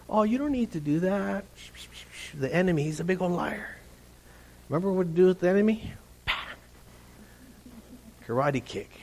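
A middle-aged man preaching a lively sermon to his congregation, animated and playful, often mimicking voices. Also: fairly high pitch. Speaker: pastor.

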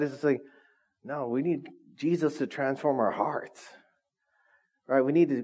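Joking pastor, fairly high voice. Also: male voice. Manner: conversational, joking, constantly quizzes the congregation. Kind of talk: sermon. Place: church, before a congregation.

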